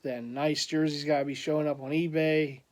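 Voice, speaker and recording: A man's voice: a little high, flat delivery, moderate pace. A man chatting casually in a vlog, telling a rambling story with frequent laughs and restarts. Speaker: collector vlogger.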